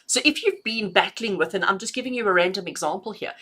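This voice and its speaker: A middle-aged woman with a bright, clear tone gives intuitive messages on a live stream. She talks in a chatty, affectionate way and laughs easily between readings. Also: mid-range voice, quick pace. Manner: affectionate, chatty, calls listeners "my darling". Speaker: intuitive reader.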